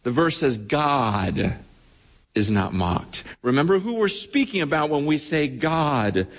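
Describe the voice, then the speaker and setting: A man's voice: a little high, very animated, takes it slowly, in a large hall. A man preaching a sermon with passion, often repeating his words and acting out the voices of people he quotes. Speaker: pastor.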